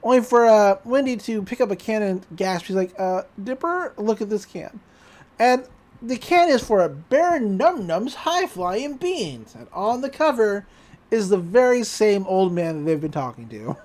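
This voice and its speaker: Animated young woman recapping a cartoon. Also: mid-range voice. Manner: animated, does quick voices for characters while retelling. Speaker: podcast host recapping a cartoon episode. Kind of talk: casual recap with acted quotes.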